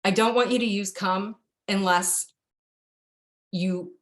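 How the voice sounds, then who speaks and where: A woman's voice: steady tone, slow. A middle-aged woman giving a casual, direct online dog-training lesson, talking straight to her students. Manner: chatty, direct, jumps to a high sing-song for cue words. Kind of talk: online course instruction.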